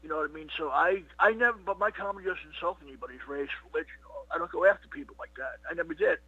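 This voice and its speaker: A man's voice: a little high, racing, breathy edge, no room sound. A middle-aged man, a comedian being interviewed, telling stories in a rambling casual way, full of "you know what" and "he goes". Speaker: comedian guest. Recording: dull lo-fi dry recording.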